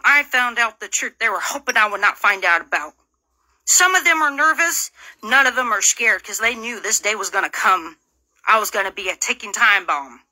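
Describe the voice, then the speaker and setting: Woman, angry vlog rant, profane, confrontational, sharp bright tone. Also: a little high. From Illinois. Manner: confrontational, profane, taunting rhetorical questions. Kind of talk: angry direct-to-camera rant.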